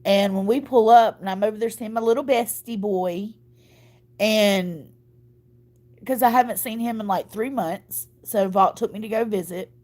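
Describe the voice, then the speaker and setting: A woman's voice: medium pitch, normal speed, darkish tone. Woman, 30s, choked up from crying, rambling folksy chat to viewers. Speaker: vlogger.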